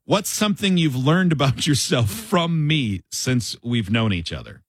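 A man hosting a casual group show, asking questions and joking around with a husky voice. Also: medium pitch, very animated, unhurried, dry recording, studio quality. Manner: playful, joking, leads the questions. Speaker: radio show host.

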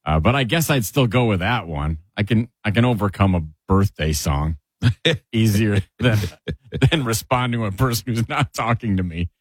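A man co-hosting a radio show, telling relaxed stories in casual banter. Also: fairly low pitch, moderate pace, breathy edge, no room sound, clean studio sound.

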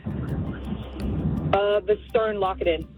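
A woman's voice: medium pitch, steady tone, very slow, music in the background. A woman calling in to a radio quiz, hesitant and full of fillers. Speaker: caller, quiz contestant.

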